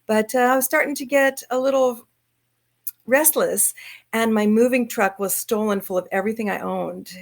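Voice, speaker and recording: Gravelly-voiced woman telling travel stories. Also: fairly high pitch. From Southern California. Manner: lively storyteller acting out quoted voices. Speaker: guest, author and traveler. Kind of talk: storytelling in an interview. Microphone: video call.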